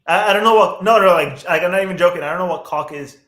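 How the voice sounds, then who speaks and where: A man's voice: high-pitched, fast, a bit bright, roomy sound. A man co-hosting a podcast in casual chat, blunt and swearing often, with lots of fillers and restarts. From United States. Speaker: podcast co-host.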